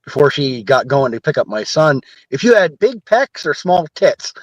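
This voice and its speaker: A man on a podcast panel, cracking deadpan jokes in casual chat. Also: on the high side, moderate pace, no room sound, dull audio.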